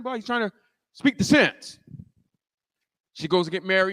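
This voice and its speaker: A man preaching a sermon as pastor, telling the story in animated fashion, acting out the scene and rising to shouts. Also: high voice, normal speed, pauses often, in a large hall.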